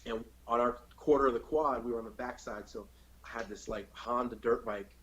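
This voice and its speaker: A man's voice: mid-range voice, fairly even intonation, fairly quick. Guy in his 30s on a podcast, blunt and sweary, kinda dull lo-fi mic. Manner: blunt, profane, jokey. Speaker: podcast co-host. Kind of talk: casual podcast chat.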